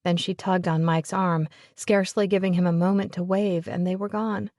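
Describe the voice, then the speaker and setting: Low-voiced woman narrating a romance novel. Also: steady tone, moderate pace, a little mellow, no room sound, clean studio sound. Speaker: audiobook narrator.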